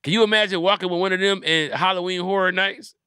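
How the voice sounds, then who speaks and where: A man's voice: high voice, steady tone, fast, bright, forceful tone, clean tone, no room sound, clean studio sound. A man hosting a comedy podcast, riffing in casual profane chat and acting out little scenes.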